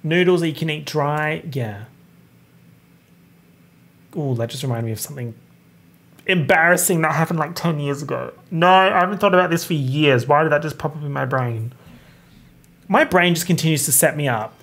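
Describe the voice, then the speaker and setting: A young man chats on his own podcast with a soft, breathy voice. He talks in a lively, campy and expressive way and swears freely. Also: a little high, moderate pace, pauses often. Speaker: podcast host. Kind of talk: casual solo podcast chat.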